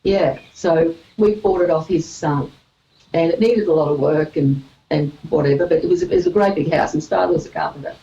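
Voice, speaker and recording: A woman's voice: sits low, fairly quick, mellow, muffled recording. A woman guest telling a personal story in a casual chat. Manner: storytelling, laughs easily.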